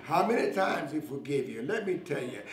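A man's voice: a little high, expressive, moderate pace. A man preaching a sermon with fervent emphasis and repeated call-outs to his listeners. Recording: echoey room with music behind. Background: guitar music.

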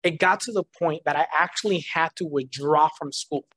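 A man's voice: on the high side, moderate pace, no room sound. A man giving a personal testimony at church, telling his story with animation and frequent laughter. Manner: animated storytelling, laughs often, acts out voices in quotes.

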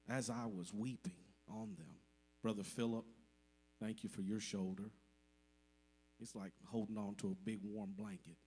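Husky guy talking to his church, emotional and thankful, speaking from the heart. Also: fairly low pitch. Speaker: church member addressing the congregation. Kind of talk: heartfelt testimony in a church service.

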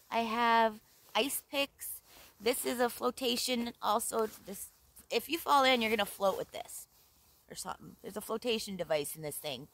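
A woman with an Upper Midwest American accent talks to her viewers while she fishes outdoors. Her voice sits fairly high and she takes her time, calling everyone "dudes" and "yo." A faint hiss of noise runs under it. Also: a bit bright, low-quality recording. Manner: chatty, says "dudes" and "yo" a lot. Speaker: fishing vlogger. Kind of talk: casual outdoor vlog. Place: outdoors by the water.

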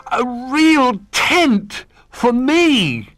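A tiny toy bear cub squeaks and pleads with wide-eyed eagerness, as a man puts him on. His voice sits far above a grown man's and leaps about with excitement. It comes from a gentle children's storybook reading. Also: very slow, faint music behind, exaggerated voice. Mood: excited.

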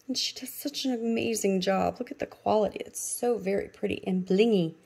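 A woman hosting a casual budgeting vlog, gushing and excitable as she opens mail, with many ums. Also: mid-range voice, a little fast, vocal fry, hardly any pauses, breathy edge. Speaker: budgeting channel host.

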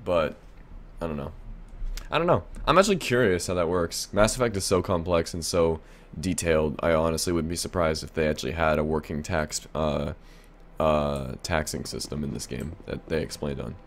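A man's voice: a bass voice, normal speed, slight background noise. A young man giving casual playthrough commentary, rambling and thinking aloud with plenty of fillers. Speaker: gameplay commentator.

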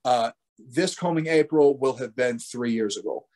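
A man's voice: mid-range voice, normal speed, darkish tone. A man being interviewed as a wrestler, telling stories with animation, laughing and acting out his own remarks. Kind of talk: casual interview chat.

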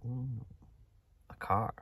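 A man's voice: mid-range voice, steady tone, drawn-out words, a bit bright, slightly rough. A young Scottish man chatting casually in an easygoing, rambling way while car camping outdoors by a loch. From Scotland. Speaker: vlogger. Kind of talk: casual vlog chat.

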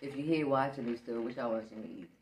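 A tired, sleepy woman hosting a casual eating show, talking slowly between bites. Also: extremely low pitch, echoey room, slight background noise. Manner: drowsy, unhurried, talks between bites. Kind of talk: casual mukbang chat.

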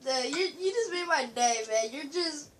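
A woman's voice: high voice, animated, slight background noise. A woman with a cold chatting in an online game, amused and giggly, with a stuffy nose. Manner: giggly, amused, slow drawn-out phrasing. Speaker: gamer in voice chat. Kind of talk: casual chat.

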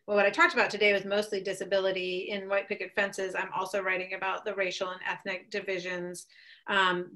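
A woman's voice: medium pitch, fairly bright tone. A woman in her thirties giving a thoughtful, earnest webcast talk, with frequent fillers and restarts. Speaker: guest speaker.

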